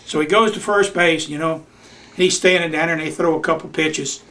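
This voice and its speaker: A man's voice: a little high, steady tone, fairly quick, bright, forceful tone. Older man telling coaching stories. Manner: folksy Southern storyteller, acts out voices in his anecdotes. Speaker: retired youth baseball coach. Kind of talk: storytelling in a home visit. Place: living room of his house.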